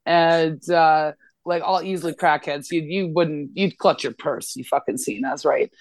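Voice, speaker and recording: Speaking low and unhurried, this Canadian podcast co-host spins a casual, heavily profane story and performs the voices of the people involved. There's no echo; the audio is close and dry, free of room sound.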